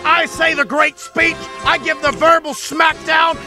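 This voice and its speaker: A man playing a proud, furious warrior prince in a comedic cartoon parody rant, yelling and swearing sarcastically. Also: very high voice, flat delivery, measured pace, music in the background. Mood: sarcastic ranting. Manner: ranting, yelling, profane and sarcastic. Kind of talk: comedic character rant video.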